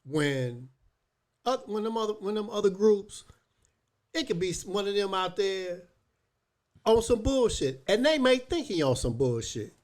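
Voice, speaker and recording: A man co-hosting a podcast, speaking in a measured, preachy, matter-of-fact way. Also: high voice, very animated, darkish tone. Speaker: podcast co-host. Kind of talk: casual chat.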